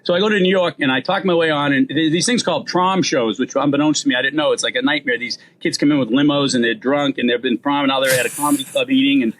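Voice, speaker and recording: Male guest comic, 50s, Boston accent, rapid-fire animated storyteller. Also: medium pitch, a little hiss or hum. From Boston area. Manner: fast-talking, animated storyteller. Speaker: guest comedian. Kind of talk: storytelling in casual interview.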